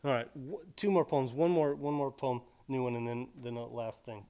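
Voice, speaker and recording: A middle-aged man performing his poems at a live reading, his voice mid-pitched and even. Between pieces he drops wry, offhand asides to the audience. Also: moderate pace, clear, resonant tone. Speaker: poet.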